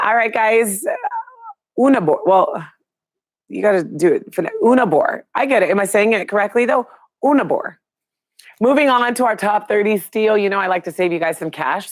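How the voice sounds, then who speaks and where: A woman's voice: mid-range voice, no echo. Chatty woman hosting a live show. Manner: chatty and upbeat, reads out viewer names. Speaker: host of a live online show. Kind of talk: casual live-stream chat with viewers.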